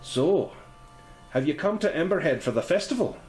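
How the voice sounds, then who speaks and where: Lilting, homely village landlady, high and chatty, put on by a male game master. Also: sing-song, normal speed, a little mellow, reverberant, soft background music. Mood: welcoming. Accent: Scottish-sounding put-on lilt. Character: kindly village landlady, warm but guarded.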